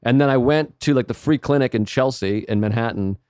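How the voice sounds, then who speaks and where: Male comic guest, rapid rambling anecdotes, dry close mic. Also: mid-range voice, darkish tone, dry recording. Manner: rapid, rambling storytelling with frequent "like". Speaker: comedian guest. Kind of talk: casual podcast chat.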